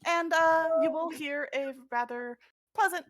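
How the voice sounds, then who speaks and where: A woman's voice: extremely high pitch, measured pace, no room sound. A woman running a tabletop game as game master, narrating scenes in an easygoing, descriptive way and laughing often.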